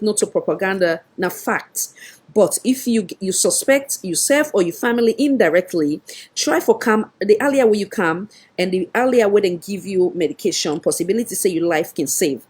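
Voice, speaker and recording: Husky Sierra Leonean woman host. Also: medium pitch, a little mellow. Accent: Sierra Leonean Krio. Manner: talkative, emphatic, repeats for effect. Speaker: online show host. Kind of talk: casual commentary in Krio-English.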